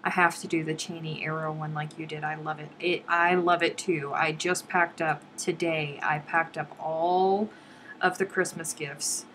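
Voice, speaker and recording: A middle-aged woman hosts a casual live stream in a slow, unhurried way. Her voice sits a little low, and she reads viewer comments aloud with playful expression. A faint hum of background noise runs underneath. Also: level tone, fairly bright tone, low-quality recording. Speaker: livestream host.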